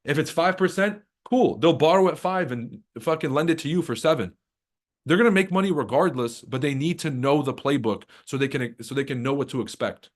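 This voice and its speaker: A man hosting a live trading stream from his desk mic talks in a slightly high voice. He rambles and swears freely, mocks people and laughs at his own jokes. Then he turns to market commentary in the same loose, profane way. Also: brisk. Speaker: trading livestream host.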